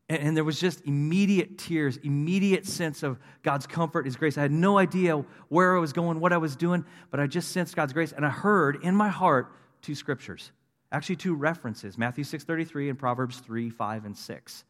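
A man's voice: a little high, moderate pace. A man in his fifties telling his conversion story as a sermon, earnest and building to emphatic declarations. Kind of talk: testimony sermon. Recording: long reverb of a large hall.

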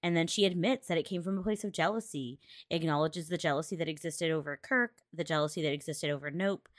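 A woman co-hosting a podcast in casual chat, blunt and swearing freely, breaking into loud laughs. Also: deep voice, fast talker, no room sound, studio quality. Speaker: podcast co-host. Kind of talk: casual chat recapping a TV episode.

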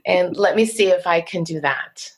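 A woman with a New Jersey accent, a poet and teacher, talking thoughtfully in an interview and laughing softly now and then. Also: fairly low pitch, moderate pace, husky. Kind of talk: reflective interview conversation.

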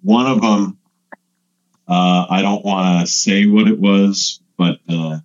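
A man's voice: low-pitched, takes it slowly, dull audio. A male comedian telling stories in casual podcast talk, acting out the lines of other people. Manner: animated storyteller who acts out other people's lines.

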